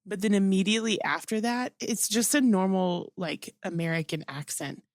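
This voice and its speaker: A woman with a medium-pitched voice speaks at a normal pace, recorded dry with clean studio sound. She's co-hosting a podcast and casually chatting about a movie, rambling and using lots of fillers.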